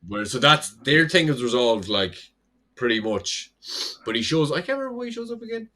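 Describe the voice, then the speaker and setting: With big pitch swings and a sharp tone, a young man at medium pitch talks fairly quickly as a podcast co-host. A bit tipsy, he rambles through a casual recap, saying "like" a lot and swearing now and then.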